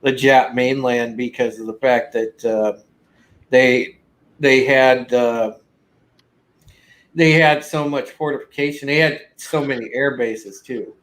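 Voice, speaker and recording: Male host, mid-pitched, rambling casual delivery with plenty of "uh"s. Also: fairly even intonation, slow pace, fairly bright tone. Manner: rambling, many fillers and restarts. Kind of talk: casual chat.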